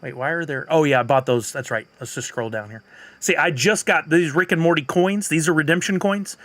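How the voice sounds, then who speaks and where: A man's voice: on the high side, brisk, fairly bright tone, dry recording. A man streaming live, chatting casually and answering viewers' comments. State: has the hiccups.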